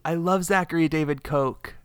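A man's voice: on the high side, normal speed, fairly bright tone, clear, resonant tone, dry recording. A man co-hosting a casual movie podcast, tossing in wry jokes and asides. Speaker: podcast co-host.

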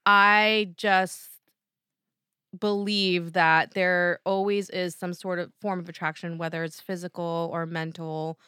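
A woman with a New Jersey accent talks casually as a podcast co-host, her voice bright and forceful. She thinks out loud, circling back with lots of "you know." The sound is dry and close, with no room echo. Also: lowish voice, flat delivery, slow pace, clear, resonant tone. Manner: chatty, thinks aloud with many "you know" fillers. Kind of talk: casual chat.

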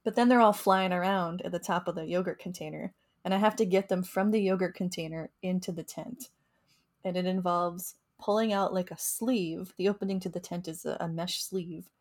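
A young woman chats about her research in a loose, casual way, laughing often and restarting her sentences. Her voice sits a little low for a woman. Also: darkish tone. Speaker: mosquito researcher and co-host. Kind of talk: casual podcast chat.

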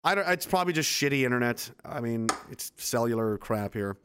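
A man's voice: medium pitch, animated, a little fast, noisy background. A man hosting a casual livestream, reading viewer comments and answering them with sarcastic, profane, rambling asides. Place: at home base on a hot day.

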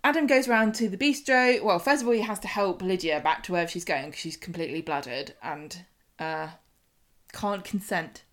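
A woman's voice: lowish voice, brisk, fairly bright tone. Woman, casual chat, giggly storytelling, podcast co-host. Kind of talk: casual soap recap chat.

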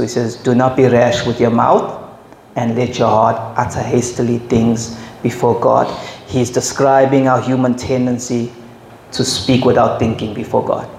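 A man preaching a sermon, slow and emphatic, who jumps high when he acts out quotes. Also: creaky, a little mellow, a little hiss or hum. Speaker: pastor. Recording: echoey hall, faint ambience.

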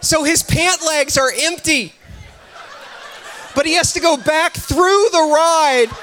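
A man preaching a sermon, telling a comic story in an animated way and shouting on the punchlines. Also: very high voice, takes it slowly, a faint crowd, a little hiss or hum. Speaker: pastor.

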